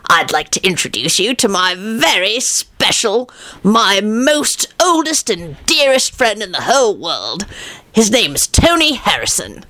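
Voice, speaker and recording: A dad mimicking a jolly squeaky old grandpa. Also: male voice, measured pace, heavily acted. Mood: excited. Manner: exclamatory, excited.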